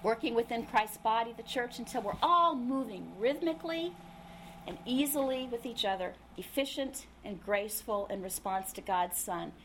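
A woman's voice: on the high side, lively intonation, normal speed, a bit bright, slight background noise. A woman preaching a sermon in a conversational, humorous way, acting out little quotes as she teaches.

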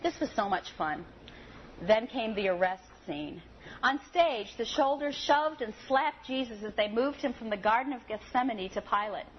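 A woman preaching a sermon and reading a story aloud with expressive, lively storytelling. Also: fairly high pitch, normal speed, slight background noise. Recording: slightly dull audio with faint ambience.

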